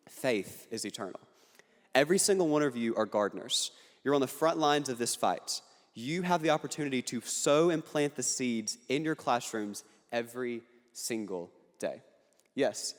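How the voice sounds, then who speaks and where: A young man giving an earnest, punchy speech to an audience, with occasional jokes. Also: medium pitch. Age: young adult. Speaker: political speaker. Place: large hall on a university campus. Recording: hall reverb.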